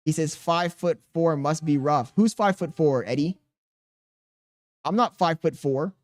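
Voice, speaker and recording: A man's voice: on the high side, moderate pace. Joking male streamer reading chat. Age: 30s. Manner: joking, laughing, reads chat aloud, crude banter.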